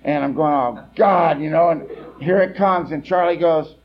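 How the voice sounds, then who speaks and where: A man's voice: fairly high pitch, steady tone, normal speed, highs cut off. Man sharing a blunt recovery story. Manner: blunt, storytelling, swings between quiet and loud. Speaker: recovery meeting speaker. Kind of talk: personal testimony talk.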